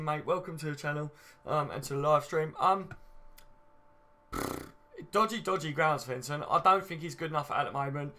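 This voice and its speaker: A man's voice: on the high side, bright, forceful tone. Chatty man reading stream comments. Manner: chatty, reads out viewer comments, banter. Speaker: fan channel host. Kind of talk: casual live stream chat.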